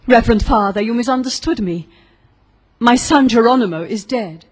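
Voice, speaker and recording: A woman's voice: fairly high pitch, normal speed, close to an everyday voice. A woman reading the lines of a grieving, hospitable old marquis in a spoken story. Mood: earnest.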